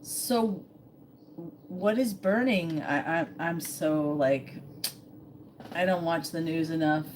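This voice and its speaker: A woman's voice: deep voice, slow, background noise. A woman hosting a casual live-stream vlog, reading aloud and joking along as she goes. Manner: chatty, reads aloud and jokes along. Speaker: vlogger, live-stream host.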